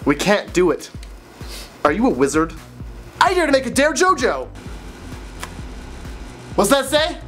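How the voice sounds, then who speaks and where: A man's voice: very high-pitched, wildly swooping pitch, a little slow, pauses often, fairly bright tone, soft background music. A young man hosting a comedic dare vlog and making goofy, wry asides. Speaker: host of a dare show.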